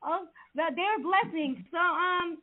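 A woman's voice: very high voice, slow pace. A woman hosting a Christian call-in talk show, chatty, repeating words and using many fillers. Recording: tinny phone line with faint hiss.

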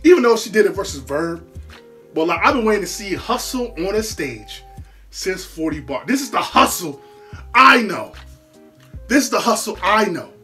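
Reaction host, lively swinging pitch, bright forceful tone, laughing a lot, slangy, faint music behind. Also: moderate pace. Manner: animated, laughs a lot, repeats words, heavy slang. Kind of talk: casual reaction commentary.

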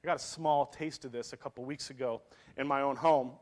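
A man's voice: mid-range voice, fairly even intonation, a little fast, a little mellow. A man in his thirties preaching a sermon, telling a family story with laughs and acted quotes before reading scripture. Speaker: pastor.

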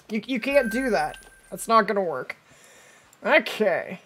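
A woman's voice: medium pitch, lively intonation, unhurried, fairly bright tone, husky. A middle-aged woman streaming a hunting game live, chatting with viewers and answering their comments as she plays.

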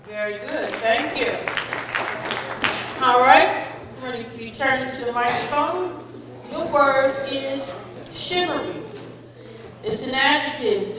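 High-voiced, slow spelling bee pronouncer woman. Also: fairly bright tone, slight background noise. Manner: slow, deliberate, encouraging, calls contestants "friend". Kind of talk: reading words, definitions and example sentences. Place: school auditorium. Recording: echoey hall, voice from a distance.

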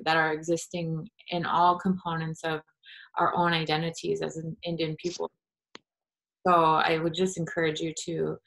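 A woman speaking gently and haltingly on a video call webinar, reflecting on healing. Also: low voice, gravelly. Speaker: panelist on plant medicine. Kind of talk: webinar talk.

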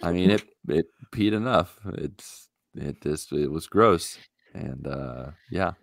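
A man co-hosting a casual podcast chat, telling a story in an animated, exasperated way into a podcast mic. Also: rumbling low, slow, creaky, no echo, studio quality. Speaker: podcast co-host.

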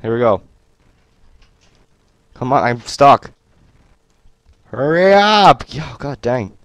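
A young man narrates his game into a headset mic at home. His voice sits in a middle pitch. He talks casually and keeps breaking into yelps and shouts at the screen. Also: slow pace, a little hiss or hum. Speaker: gaming YouTuber. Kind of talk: gameplay commentary.

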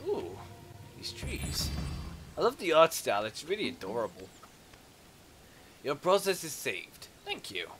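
A man giving casual let's play commentary, playfully talking to game creatures and breaking into excitable exclamations. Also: medium pitch, noisy background.

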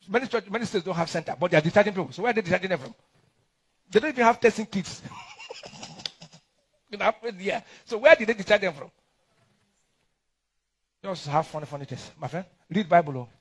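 A middle-aged Nigerian man with a Nigerian accent, preaching a sermon in an animated, mocking way with lots of repetition. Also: sits high, breathy edge. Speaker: pastor.

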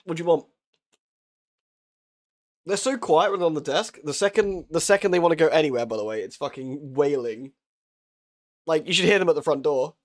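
A man's voice: on the high side, a little fast, pauses often. A young man chatting casually while live-streaming a horror game, joking, swearing and laughing often.

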